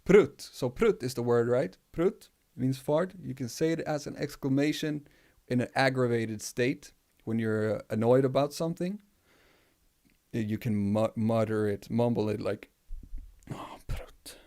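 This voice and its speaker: A man's voice: mid-range voice, moderate pace, a little mellow. A man chatting loosely on a livestream, rambling, laughing often and swearing freely. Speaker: music producer livestream host. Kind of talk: casual livestream chat.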